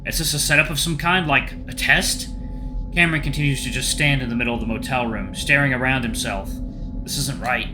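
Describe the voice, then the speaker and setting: A male let's play host reading a visual novel aloud with steady storytelling. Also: medium pitch, brisk, over music.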